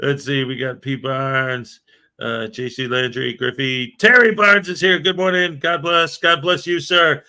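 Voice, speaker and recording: A US man chats through a laid-back morning livestream, greeting viewers, laughing, and reading comments out loud. His voice sits on the high side, smooth yet sharp in tone, at a measured pace.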